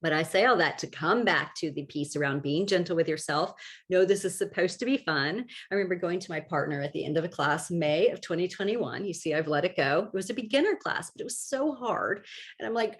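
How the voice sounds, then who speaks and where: A woman hosting a solo podcast, talking casually and chattily with a gently encouraging, self-deprecating manner. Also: on the low side, fairly quick, husky. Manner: chatty, self-deprecating, lots of "like" and "you know". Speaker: podcast host.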